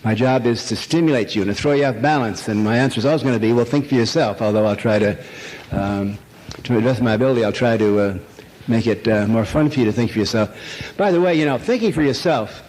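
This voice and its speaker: This older man is a fast talker with a medium-pitched, darkish voice. His public lecture to a live audience is a jokey, irreverent ramble full of fillers and stories. It was captured in a large, echoing lecture hall with faint noise underneath.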